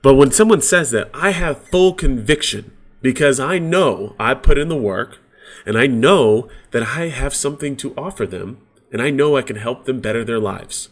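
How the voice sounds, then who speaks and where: A man's voice: medium pitch, expressive, normal speed. A man coaching real estate agents in a casual, conversational sales training talk. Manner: casual, conversational, uses sports examples.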